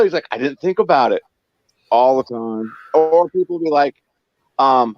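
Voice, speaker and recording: A co-host who used to drive a cab tells casual stories in a chat, animatedly acting out the quoted lines of the people in them. His medium-pitched voice moves at a measured pace. The sound is dull, dry lo-fi with no echo.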